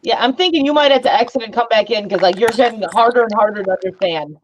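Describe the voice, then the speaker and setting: A woman's voice: a little high, fast, slight background noise. A woman hosting a live stream, chatting casually and teasing her guests with frequent laughter. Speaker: livestream host. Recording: dull lo-fi stream audio.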